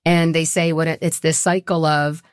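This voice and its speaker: A woman's voice: low-pitched, little pitch movement, moderate pace, clean tone, no room sound, clean studio sound. A middle-aged woman talking as an interview guest, earnest and emotional, rambling with many restarts. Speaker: guest, co-founder of a women's support group. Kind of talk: conversational interview.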